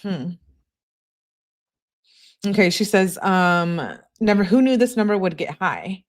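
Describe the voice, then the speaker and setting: A woman's voice: medium pitch, expressive, slow. A young woman reading a couple's text messages aloud and breaking off with blunt, scornful asides as a true crime commentator.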